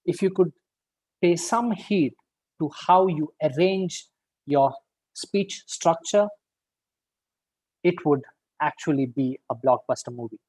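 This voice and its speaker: A man with a fairly high voice gives a speech evaluation at an online club meeting. He sounds upbeat and encouraging, leans on key words and pauses for effect. The sound is dry and close. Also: darkish tone, no echo, low-quality recording.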